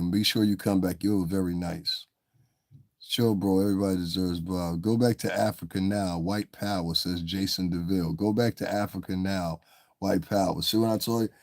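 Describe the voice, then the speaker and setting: A man from New York hosts a live stream, answering his chat in a rough, swearing, confrontational ramble. His voice sits on the low side, and the sound is dry and close with no room around it. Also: darkish tone, no room sound. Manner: confrontational, profane, rambling, talks back to chat. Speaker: livestream host reading chat. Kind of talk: casual live-stream rant.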